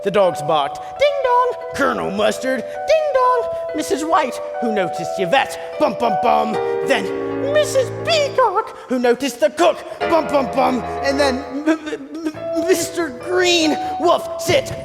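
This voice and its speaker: Man doing a high-voiced dramatic butler, lively delivery, loud music, long hall echo. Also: measured pace, creaky, hardly any pauses, heavily acted. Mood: theatrical. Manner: dramatic, animated storytelling. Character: fussy, theatrical male butler, the narrator. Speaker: butler narrating the story. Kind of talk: stage play acting. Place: school stage.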